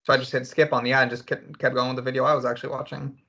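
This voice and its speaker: A man co-hosts a relaxed entertainment chat show, talking in a loose run of "like" and asides. His voice is bright and forward, and the recording sounds a little dull and muffled. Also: medium pitch, racing, gravelly. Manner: chatty, lots of "like". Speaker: co-host. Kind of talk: casual podcast chat.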